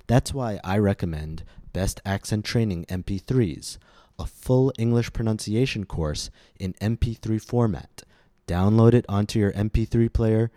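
A man with a very low, warm voice leads a pronunciation lesson. He speaks slowly and enunciates each word with care for learners to repeat. The sound is dry and close, with no room echo. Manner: slow, careful, clearly enunciated delivery. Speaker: pronunciation teacher and podcast host.

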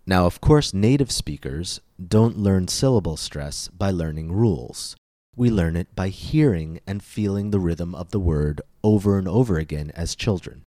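A man presents a scripted English pronunciation podcast in a very low, mellow voice. He speaks slowly and deliberately, enunciating every syllable. The recording is dry and close, with no room sound. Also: expressive, dry recording.

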